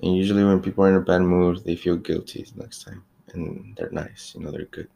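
Low, gravelly young man venting casually. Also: little pitch movement, brisk, dark tone. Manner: loose and chatty, full of "like" and "you know", swears freely; exasperated, venting about rude customers. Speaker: fast-food shop worker. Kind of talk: casual ranting monologue.

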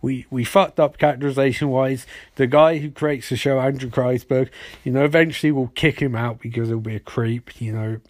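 A man's voice: medium pitch, steady tone, brisk, no echo. A man giving a rambling, sarcastic, profane comedic episode recap.

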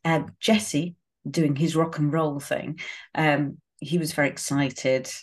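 A woman co-hosting a podcast, recapping a reality show in a relaxed, chatty way. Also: low-pitched, takes it slowly. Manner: relaxed recapping with fillers and laughs. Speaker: podcast co-host.

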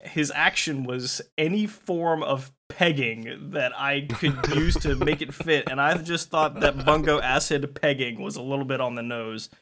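A man's voice: mid-range voice, unhurried, few pauses, a bit bright. A man hosting a casual podcast game show, playful and laughing often.

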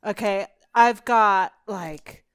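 A woman's voice: mid-range voice, extremely slow, a bit bright, clear, resonant tone. A woman in a casual chat about movies, enthusiastic, chiming in and finishing her friend's lines.

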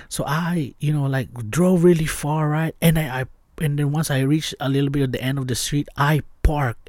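Slangy excitable young man telling a story. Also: on the high side, dry recording, studio quality. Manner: excitable, slangy, lots of fillers, drops to hushed tones at tense moments. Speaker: podcast host. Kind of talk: casual storytelling.

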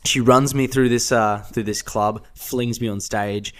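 A man, a podcast guest telling a story in casual chat, acting out quotes with big jumps in pitch and laughing often. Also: steady tone, measured pace.

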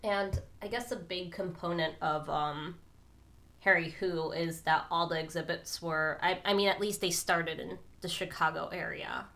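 A woman with a somewhat low but bright, forward voice, co-hosting a casual podcast. She is getting over a cold and talks in a chatty way, dropping giggly asides as she goes. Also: steady tone, normal speed. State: recovering from a cold. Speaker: podcast co-host. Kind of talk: casual chat.

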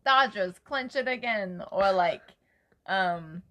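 A woman in a casual comedic chat, animated and teasing, often breaking into laughter. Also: medium pitch, slow pace.

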